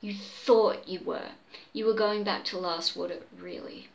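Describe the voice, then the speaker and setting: A woman's voice: mid-range voice, fairly even intonation, a little slow, gravelly, dull audio. A woman reading as a stubborn young woman. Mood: insistent. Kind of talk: amateur reading aloud.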